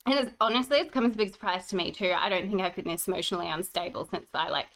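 A woman's voice: lowish voice, very fast, rough recording. A pregnant woman, co-hosting a podcast and chatting casually, acting out the voices in her stories. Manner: animated storyteller, acts out quoted voices. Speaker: podcast co-host. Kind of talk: casual chat.

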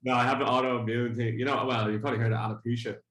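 A man's voice: mid-range voice, level tone, racing, a bit bright. A man co-hosting a podcast in casual, joking chat, laughing often. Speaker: podcast co-host. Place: Bondi home.

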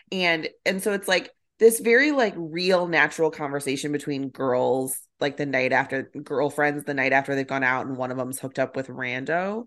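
A woman's voice: deep voice, normal speed, few pauses, a bit bright. A woman co-hosting a podcast, chatting enthusiastically about a movie with lots of fillers. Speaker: podcast co-host. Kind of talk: casual chat.

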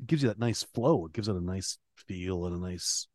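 Male podcast co-host, low voice, profane teasing chatter, dry sound. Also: a little mellow, no echo. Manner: profane, teasing, halting with many restarts. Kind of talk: casual chat.

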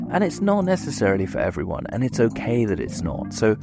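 A man with a low voice hosts a casual podcast, chatting in a relaxed and self-deprecating way. Music sits clearly behind him. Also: brisk. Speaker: podcast host. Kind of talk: casual podcast chat and outro.

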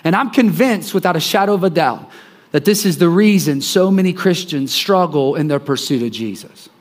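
A man's voice: on the high side, lively intonation, normal speed. A man preaching a sermon in a conversational way, often repeating words and checking in with the listeners. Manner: conversational, repeats phrases, acts out scenes.

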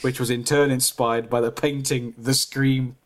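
A man's voice: medium pitch, level tone, unhurried. A man reading his own story aloud on a podcast, giggly and self-mocking, breaking off to comment.

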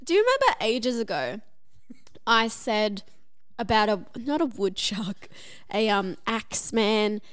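Chatty woman rambling a silly story, slow talker, up and down pitch. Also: big pitch swings, fairly bright tone. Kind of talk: casual chat.

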